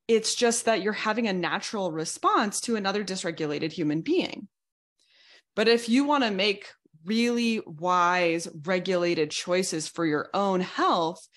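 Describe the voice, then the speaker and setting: A woman with a somewhat low voice coaches listeners through a lesson one step at a time. She reassures warmly and slips briefly into quoted voices to act out examples. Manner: reassuring, explains in steps, acts out quoted voices. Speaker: betrayal recovery coach. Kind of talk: podcast teaching talk.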